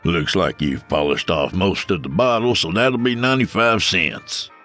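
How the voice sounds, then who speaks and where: A man's voice: deep voice, moderate pace, fairly bright tone, faint music behind. A man voicing a stern, scoffing old-west saloon bartender.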